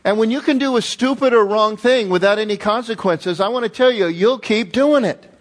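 A man preaching a sermon as pastor, telling stories with lively emphasis and repeated phrases. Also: sits high, fairly quick. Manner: animated storytelling with emphatic repetition.

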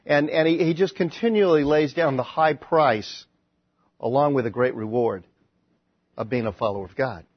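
A male pastor preaching in a conversational, animated storytelling manner with frequent restarts. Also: medium pitch, moderate pace, breathy edge, no echo. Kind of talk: sermon. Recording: dry, slightly dull recording.

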